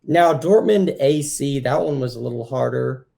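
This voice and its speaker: Gravelly laid-back man calling scores. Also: medium pitch, normal speed, dark tone. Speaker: podcast co-host. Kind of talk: casual sports chat.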